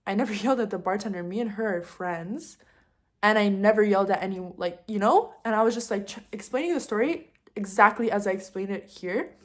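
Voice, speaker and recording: A young adult woman telling a casual storytime, talking fast with lots of fillers and getting heated as she vents. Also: mid-range voice. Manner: fast chatty delivery with constant fillers; heated and animated when venting. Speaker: vlogger.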